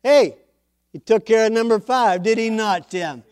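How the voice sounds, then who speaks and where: Male preacher, high and lively, dry close sound, storytelling sermon. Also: a little slow, clear, resonant tone, no echo. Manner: animated storytelling preacher, acts out quotes.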